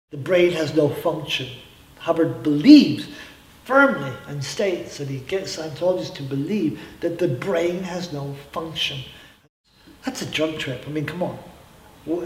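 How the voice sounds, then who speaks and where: Man recounting his story, roomy and distant. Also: on the high side. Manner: reflective, with emphatic asides. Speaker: interviewee, former member telling his story. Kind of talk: personal account in an interview. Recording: roomy, from a distance, faint ambience.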